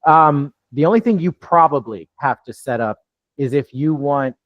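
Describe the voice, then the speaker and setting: Relaxed male coach on a muffled call. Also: on the high side, normal speed, dry recording. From New York, USA. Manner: loose, conversational, with many restarts. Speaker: real estate deal coach. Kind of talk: live online training Q&A.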